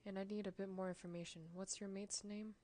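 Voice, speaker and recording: A man's voice: sits high, little pitch movement, a little fast, darkish tone, lightly acted. A woman streamer voicing a middle-aged male French biker who runs a record shop, speaking in a casual, teasing way with a French accent, in a story game.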